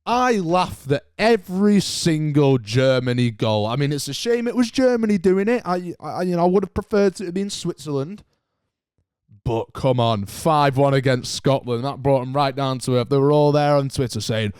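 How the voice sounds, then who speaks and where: A man's voice: fairly high pitch, normal speed, clear, resonant tone, dry recording, studio quality. A young man hosting a solo podcast, chatting casually and ranting with lots of banter. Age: young adult. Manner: animated, ranting, banter-heavy. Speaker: podcast host.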